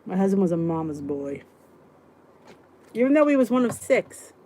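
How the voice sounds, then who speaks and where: A middle-aged woman hosting a live stream, talking casually in a medium-pitched voice. She reads viewers' comments and answers them one by one, often trailing off and restarting her sentences. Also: very animated, normal speed, warm tone. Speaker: weight-loss vlog host reading live chat.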